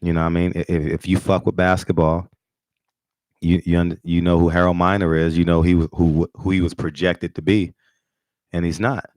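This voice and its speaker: Brash, low-voiced man hosting boxing talk. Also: flat delivery, moderate pace, darkish tone, dry recording. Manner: brash, boastful and profane, with frequent restarts. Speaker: host of a boxing talk channel. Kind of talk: casual livestream talk.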